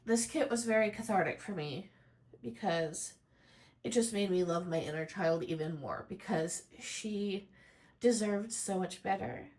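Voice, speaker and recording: Teary woman crafting youtuber, soft and rambly, talking straight to her viewers. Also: medium pitch. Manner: soft, heartfelt, rambling with many fillers. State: tearful, close to crying. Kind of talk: casual personal vlog.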